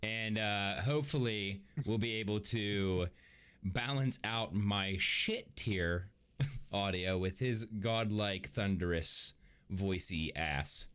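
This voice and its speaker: A man's voice: fairly low pitch, slow, a bit bright, smooth. A man co-hosting a casual livestreamed podcast from home, joking, swearing and laughing often as he rambles. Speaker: podcast co-host. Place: home room on webcam.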